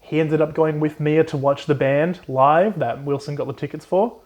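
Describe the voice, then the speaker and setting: Young guy recapping a kids book, cursing a lot, slightly higher voice, jumps into silly character voices. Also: steady tone, a little mellow. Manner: swears often, acts out characters in quick voices. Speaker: podcast co-host. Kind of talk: casual book recap chat.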